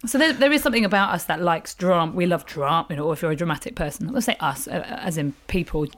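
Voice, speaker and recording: A woman comedian in her thirties talks candidly in an interview, her voice sitting a little low. She tells stories with energy and slips into other people's voices when quoting them. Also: fast talker. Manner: animated storyteller, acts out quoted voices. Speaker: comedian guest.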